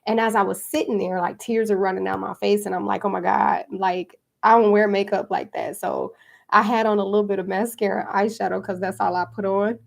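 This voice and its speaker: Gravelly-voiced woman in casual spiritual talk. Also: medium pitch, a little fast. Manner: relaxed, chatty, with frequent fillers and laughs. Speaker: podcast host and card reader.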